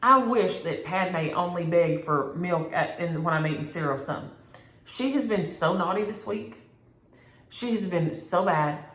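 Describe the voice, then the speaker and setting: A middle-aged woman, chatting casually as a cross-stitch vlogger, animated and playfully exaggerating as she answers viewers from home. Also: fairly low pitch, normal speed, echoey room. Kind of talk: casual chat reading viewer comments.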